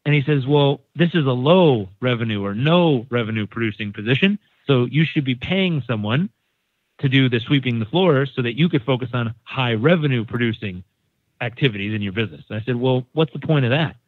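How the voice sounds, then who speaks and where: Here a podcast guest from San Diego, United States, recounts a casual story in a brisk, mid-range voice, animatedly acting out each quoted person. The recording is dry, with a narrow sound like a phone call.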